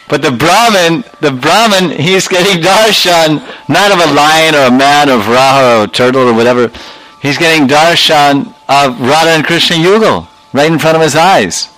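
Animated man telling a sermon story. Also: fairly high pitch, measured pace, poor audio. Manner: animated, acts out characters, laughs often. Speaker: spiritual teacher.

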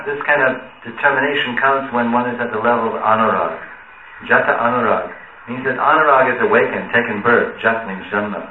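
A man giving an earnest sermon on scripture, quoting and chanting Sanskrit verses and trailing off softly at times. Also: medium pitch, slight background noise. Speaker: speaker giving a scripture class. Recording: echoey room over a tinny phone-like line.

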